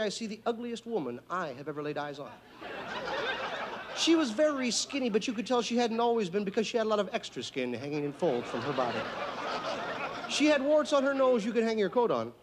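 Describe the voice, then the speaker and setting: A male stand-up comedian doing a routine on a TV stage, talking in a deliberate, emphatic, mock-instructional way. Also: sits high, noisy background. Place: TV studio stage with live audience.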